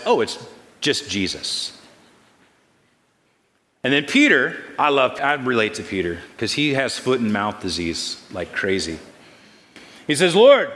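A pastor preaching a sermon, lively and storytelling, putting on voices and asking the congregation questions. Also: male voice, mid-range voice. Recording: long hall reverb.

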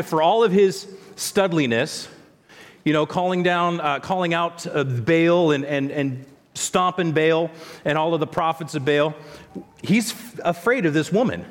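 A man preaching a sermon in a conversational way, with frequent restarts and asides. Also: a little high. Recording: long echo of a large hall.

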